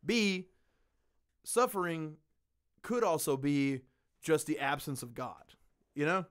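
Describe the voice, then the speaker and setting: A man hosting a podcast in casual chat, ranting with lots of swearing and animated storytelling. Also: fairly high pitch, slow, clear, resonant tone. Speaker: podcast host.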